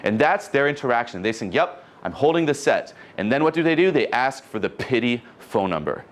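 A man coaching an audience on dating, talking in an animated way and acting out conversations. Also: medium pitch, brisk.

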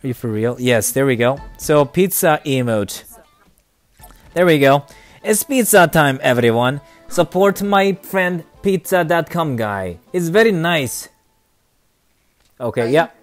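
Excitable young male game streamer. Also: a little high, measured pace, soft background music. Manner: excitable, chatty, laughs often, swings from mumbling to loud cheering. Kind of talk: casual live gameplay commentary.

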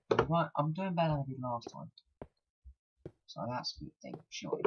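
A man's voice: mid-range voice, very animated, normal speed, long pauses, a little hiss or hum, low-quality recording. A man giving casual gameplay commentary, frustrated and self-mocking, sometimes talking about himself in the third person. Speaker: gaming commentator.

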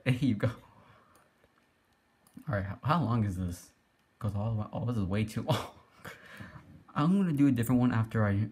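A young man giving excitable, giggly play-by-play commentary as he teases other players in an online game. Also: fairly low pitch, breathy edge. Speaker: gaming YouTuber. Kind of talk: casual Let's Play commentary.

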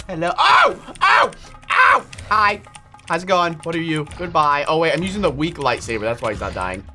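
A young man giving energetic gameplay commentary as a video host, excitable and loud. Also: a little high, quick pace, soft background music. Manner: hyper, excitable, shouts and yelps often. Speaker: gaming YouTuber.

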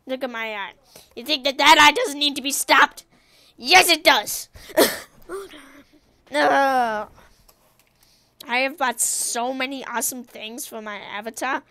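Woman gaming host, high voice, unhurried, excitable self-talk commentary. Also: no echo. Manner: excitable, talks to herself while playing, shrieks when killed. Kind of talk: let's play commentary.

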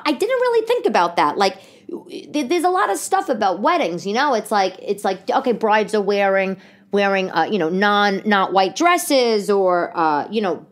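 A woman, telling comic stories in a loose, chatty monologue full of asides. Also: medium pitch. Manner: chatty, animated, many restarts and asides. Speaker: podcast host, stand-up comedian. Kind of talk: casual comedic monologue.

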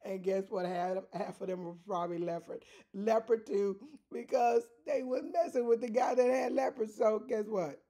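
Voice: mid-range voice, normal speed, hardly any pauses, dark tone. A Bible teacher giving informal, conversational teaching who chuckles often and repeats phrases for emphasis.

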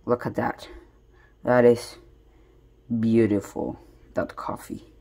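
A man's voice: mid-range voice, steady tone, slow pace, vocal fry, warm tone. A man in a home kitchen chatting casually into his phone as he shows how to make iced coffee. He jokes about himself and rambles with many restarts. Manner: joking, self-deprecating, rambling with restarts. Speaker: home cooking vlogger.

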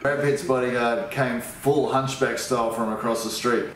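A man reading a comic story aloud in a playful manner, giving deadpan one-word answers. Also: medium pitch, moderate pace, few pauses, a little hiss or hum. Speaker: comedian guest. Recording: echoey room, mic at a distance.

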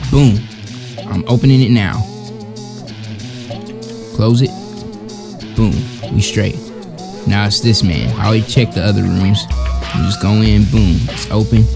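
A man's voice: fairly low pitch, gravelly. A young man giving jumpy, joking commentary while playing a video game and talking to himself. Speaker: gamer. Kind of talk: let's-play commentary. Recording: game music underneath.

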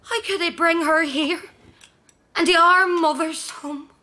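A woman's voice: very high-pitched, fairly even intonation, unhurried, pushed and bright, full character voice. An actress playing an exasperated, scolding middle-aged mother with a Derry accent in a sitcom. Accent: Derry, Northern Irish. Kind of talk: sitcom acting.

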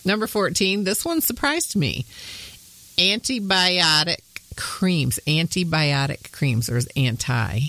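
A woman's voice: on the low side, very animated, slow, sharp tone, no echo. Homey midwestern lady chatting on her podcast, laughs a lot, dry close mic. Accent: Midwestern American with some Southern. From Michigan, USA. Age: 30s. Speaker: podcast co-host. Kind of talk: casual talk.

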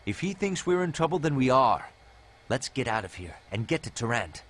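Earnest husky game companion. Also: male voice, mid-range voice, big pitch swings, normal speed, fairly bright tone.

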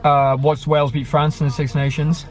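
A man's voice: a little high, little pitch movement, moderate pace. A young man from the UK in a casual conversation about his life. He rambles, using many fillers and self-corrections. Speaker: guest sharing his story.

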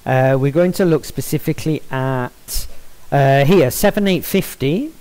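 A man walking through a software stylesheet in a screen-recorded tutorial, measured and explanatory, with frequent ums and self-corrections. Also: mid-range voice, clear, resonant tone, poor audio.

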